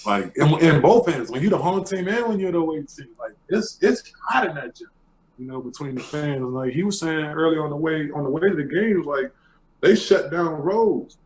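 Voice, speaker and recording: Relaxed man reflecting on his career. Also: on the high side, moderate pace, slight background noise, rough recording. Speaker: former pro basketball player. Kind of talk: casual panel talk.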